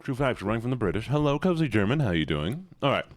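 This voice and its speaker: A man's voice: mid-range voice, big pitch swings, quick pace, dry recording, clean studio sound. A male streamer in casual livestream chat, playfully greeting viewers one by one and teasing them.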